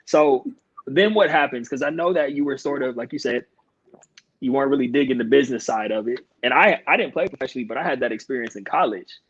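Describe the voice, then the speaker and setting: A man's voice: mid-range voice, fast talker, breathy edge, highs cut off. A male podcast host interviewing a guest over a video call, affirming and thoughtful. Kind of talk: casual interview.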